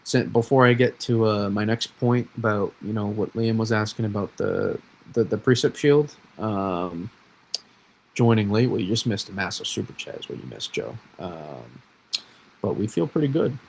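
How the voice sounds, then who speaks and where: A man's voice: lowish voice, animated, normal speed, gravelly, darkish tone, slightly rough, poor audio. A man from New England hosting a weather livestream, rambling and self-correcting in casual chat.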